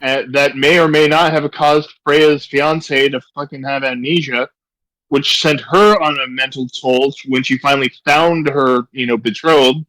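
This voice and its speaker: A man's voice: mid-range voice, steady tone, measured pace, fairly bright tone, dry recording, poor audio. A man in casual chat with friends, rambling through arguments with restarts and swearing. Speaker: co-host.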